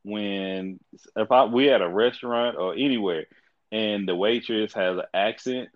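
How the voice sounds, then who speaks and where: A man hosting a casual podcast, telling stories in a profane, animated way with frequent laughter. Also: on the low side, measured pace, lo-fi sound. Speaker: podcast host.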